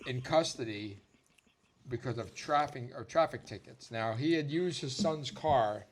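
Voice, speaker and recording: A man's voice: medium pitch, unhurried, slight background noise. A man hosting a podcast who owns a comedy club and moves the talk along with short prompts. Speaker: podcast host and club owner.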